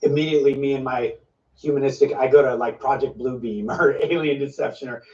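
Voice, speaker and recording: A man's voice: medium pitch, fairly even intonation, brisk, dark tone. A man giving informal prophetic teaching, emphatic and piling up repeated phrases. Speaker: preacher sharing a prophetic word. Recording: dull, slightly distant lo-fi sound.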